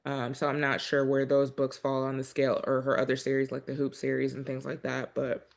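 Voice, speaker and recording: A man leading a casual book club discussion, talking in a relaxed way with many fillers and pauses. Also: mid-range voice, creaky.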